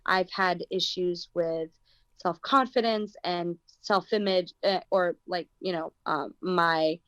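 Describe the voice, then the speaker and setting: A woman's voice: fairly low pitch, fairly even intonation, slow pace, a bit bright, no room sound, dull audio. An actress with an American accent, talking thoughtfully in an interview and searching for her words. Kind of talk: casual interview talk.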